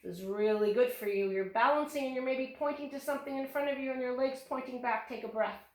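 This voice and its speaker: A woman's voice: high-pitched, fast talker, darkish tone. A woman leads a yoga class for small children, calling out poses in a cheerful, encouraging way. Her voice comes from across an echoey room, caught by a camera mic some distance away. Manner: cheerful, encouraging step-by-step instructions. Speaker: yoga teacher.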